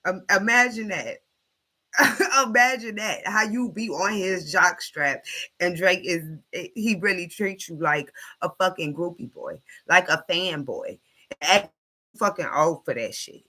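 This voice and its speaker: Bright-voiced woman ranting bluntly. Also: on the low side, unhurried, rough recording. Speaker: live stream host. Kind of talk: late-night live stream commentary.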